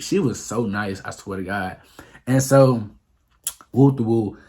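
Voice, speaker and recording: A man's voice: on the low side, measured pace, warm tone, slightly rough. A young man telling a rambling, profane storytime on his vlog, full of fillers. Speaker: vlogger. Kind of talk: casual storytime monologue.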